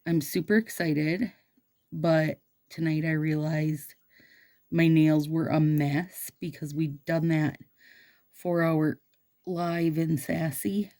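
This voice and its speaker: A woman's voice: sits low, level tone, slow, warm tone. A woman vlogging about her nails, chatting casually and bubbly, talking straight to her viewers. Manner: bubbly, chatty, addresses viewers as "you guys". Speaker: nail stylist vlogger.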